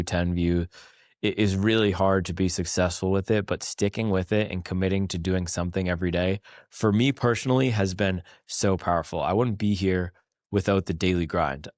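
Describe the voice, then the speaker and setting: An American man hosting a podcast, giving casual motivational advice with energy and quick self-corrections. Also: sits low, a little mellow, dry recording, studio quality. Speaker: podcast host. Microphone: small wireless clip-on mic.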